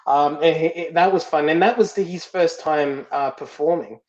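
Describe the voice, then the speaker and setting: Halting male director in a roomy room. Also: a little high, a little mellow. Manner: halting, repeats words while searching for them. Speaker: film director guest. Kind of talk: casual interview storytelling. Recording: roomy, dull lo-fi sound.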